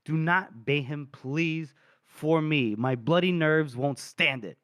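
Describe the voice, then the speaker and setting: A man's voice: a little high, slow pace, fairly bright tone, smooth, dry recording, studio quality. A man voicing a nervous young officer who talks hesitantly and pleads. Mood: pleading.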